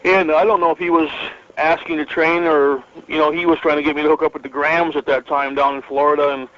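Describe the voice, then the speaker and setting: Middle-aged guy from northern michigan, rambling wrestling stories, kinda high but flat voice. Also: fast, muffled recording. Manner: rambling, many fillers and restarts, chuckles often. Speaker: interview guest, retired pro wrestler. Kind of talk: relaxed storytelling interview.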